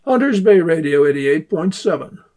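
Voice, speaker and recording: A man hosting a community radio segment, telling the history of a joke form in unhurried scripted narration and reading the jokes aloud in playful voices. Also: on the high side, lively intonation, warm tone. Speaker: radio host.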